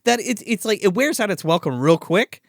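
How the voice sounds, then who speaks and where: Guy on a movie podcast recapping scenes, swears, rambles, lively up and down voice, dry mic. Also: high voice, a little fast, no echo. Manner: profane, rambling, restarts often. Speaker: podcast co-host. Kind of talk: casual movie review chat.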